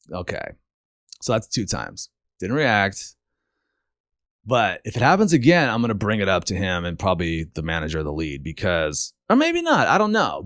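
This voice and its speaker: A man hosting his own show, talking casually and candidly, telling animated stories and acting out what others said. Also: mid-range voice, dry recording, studio quality. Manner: candid, animated storytelling with mimicked quotes; frequent restarts and swearing. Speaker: podcast host. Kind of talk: casual monologue.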